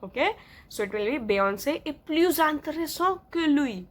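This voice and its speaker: A woman's voice: sits high, animated, moderate pace, a bit bright. A woman teaching French grammar, repeating example sentences and often checking whether her students understand. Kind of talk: explaining a grammar lesson.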